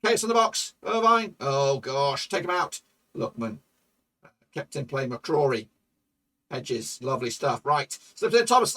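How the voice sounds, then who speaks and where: A man commentating his own football management game for viewers, excitable and swearing, shouting at goals. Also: fairly high pitch, moderate pace, recorded from a distance. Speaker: gaming YouTuber.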